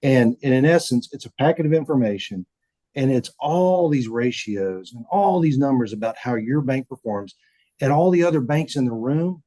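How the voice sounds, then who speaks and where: Folksy man, dark voice. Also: medium pitch, expressive, moderate pace, dry recording, rough recording. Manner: folksy, repeats words, acts out quotes. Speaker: bank CEO, podcast guest. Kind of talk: casual storytelling interview.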